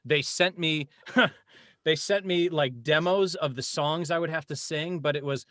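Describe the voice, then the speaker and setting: A man in his forties, a voice actor guest chatting casually on a podcast, animated and laughing often. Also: a little high, measured pace, no room sound, clean studio sound.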